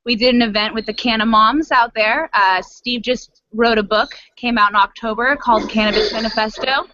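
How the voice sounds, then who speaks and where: A woman's voice: fairly high pitch, steady tone, moderate pace, sharp tone. A woman guest answering casual interview questions, upbeat and full of ums, with small laughs between phrases. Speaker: guest, assistant to a cannabis advocate. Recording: dry lo-fi call audio.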